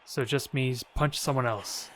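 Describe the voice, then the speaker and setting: A man's voice: mid-range voice, steady tone, measured pace, a bit bright. Guy casually narrating his game, jokey, bit of background hiss. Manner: playful, jokey trash talk. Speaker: video game player and commentator. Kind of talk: casual gameplay commentary.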